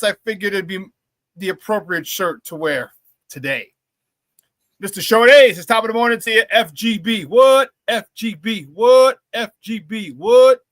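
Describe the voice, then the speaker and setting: A man with a high, bright, sharp voice hosts a live sports talk stream, bursting with hype and shouting catchphrases. He banters with viewers in the chat. The mic is close and dry, with no room sound. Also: no room sound. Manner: shouts catchphrases, loud and excitable. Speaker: sports talk show host.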